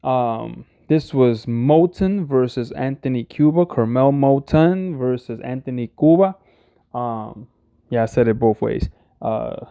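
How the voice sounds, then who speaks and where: Mellow-voiced man hosting a boxing talk show. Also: medium pitch, smooth, dry recording, clean studio sound. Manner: relaxed, rambling, frequent fillers and restarts. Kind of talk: casual commentary.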